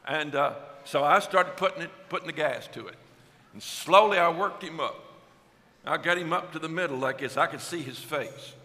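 A man's voice: on the high side, moderate pace, bright, forceful tone. A man telling a humorous anecdote to an audience, in a playful storytelling manner. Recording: long hall reverb.

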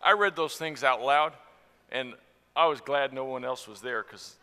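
A man, from Tennessee, preaching a sermon about marriage in an earnest way, going from soft to loud. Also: mid-range voice, unhurried, clean tone, big-room sound.

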